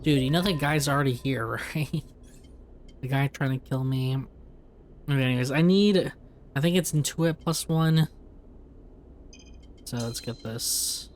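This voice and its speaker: A man's voice: mid-range voice, a little slow, long pauses, a little hiss or hum. A man casually talking to himself while playing a story game, thinking aloud and restarting his sentences. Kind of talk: casual gameplay commentary. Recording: game music playing behind. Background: game music.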